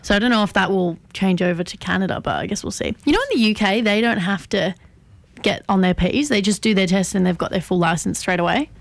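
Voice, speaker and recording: A young Australian woman in casual radio chat, quick to react and chatty. Her voice has a noticeable gravelly fry, and the recording is close and dry with no room sound. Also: mid-range voice, no echo. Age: young adult. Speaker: radio co-host.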